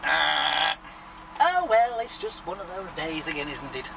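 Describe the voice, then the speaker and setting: Brief: male vlogger, chatty and sweary, slightly high voice, mic set back with loud traffic behind. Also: expressive, normal speed, distant mic. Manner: rambling, chatty, swears freely. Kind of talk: casual vlog chat.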